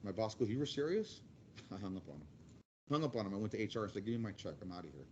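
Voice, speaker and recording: Blunt, quick-talking construction manager in his forties, guest speaker, lo-fi sound. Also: on the low side, sing-song, a little mellow, a little hiss or hum. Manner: rambling, blunt, quick with repeated restarts. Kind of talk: casual storytelling to a class.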